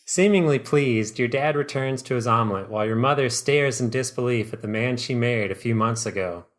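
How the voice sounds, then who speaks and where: A man narrates a comedic second-person story on a podcast. His reading is dry and deadpan, at an ordinary mid pitch. He often breaks off into a laugh. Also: a little fast.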